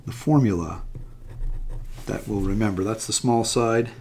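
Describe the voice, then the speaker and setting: A man's voice: fairly low pitch, measured pace, slight background noise. A man teaching a math lesson, explaining a method step by step while he draws. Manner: relaxed, talks step by step while drawing. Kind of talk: classroom demonstration lesson.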